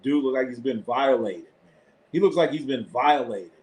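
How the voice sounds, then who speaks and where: A man's voice: mid-range voice, moderate pace, darkish tone. A man hosting a live sports stream, talking loosely in casual chat, blunt and profane, laughing often. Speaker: sports show host.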